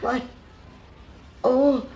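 A woman's voice: warm tone, muffled recording. A frightened grandmother. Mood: strained. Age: older. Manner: anxious, halting. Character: frightened elderly grandmother, the wife. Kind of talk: radio drama acting.

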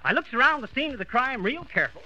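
A man's voice: very high-pitched, sing-song, fast talker, bright, forceful tone, highs cut off, heavily acted. A man playing a boastful small-town braggart in a 1940s radio comedy, folksy and blustering. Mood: bragging. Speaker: comedy lead.

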